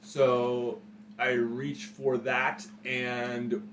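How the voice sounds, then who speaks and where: A man playing in a tabletop role-playing game, stating his moves calmly and matter-of-factly. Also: mid-range voice, extremely slow. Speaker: player.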